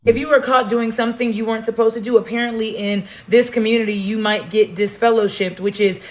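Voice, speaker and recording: A woman's voice: fairly high pitch, fairly even intonation, fast talker. Sassy woman telling a storytime. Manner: sassy, emphatic, pointed asides to viewers. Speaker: storytime vlogger. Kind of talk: emphatic storytime monologue.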